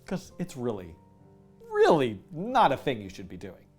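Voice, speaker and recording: A man hosting a live coding stream, chatting casually, animated and self-mocking, laughing often. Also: medium pitch, measured pace, soft background music. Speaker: livestream coding host. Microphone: headset with music in his ear.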